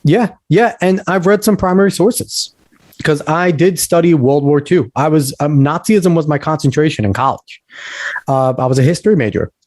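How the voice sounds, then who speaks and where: A man's voice: a little high, moderate pace, darkish tone, no echo. A man hosting a podcast, ranting with heated emphasis and lecturing on history. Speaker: podcast host. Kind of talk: casual podcast talk.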